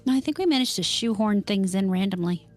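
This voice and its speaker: A woman's voice: medium pitch, animated, quick pace, a little mellow, soft background music. A woman co-hosting a podcast, chatting casually with dry jokes and reading out questions. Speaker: podcast co-host. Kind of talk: casual chat.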